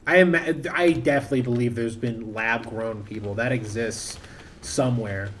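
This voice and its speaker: A man's voice: mid-range voice, moderate pace, fairly bright tone, slight background noise. Rambling man streaming a game. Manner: rambling, thinking aloud, self-interrupting. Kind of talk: casual live-stream commentary.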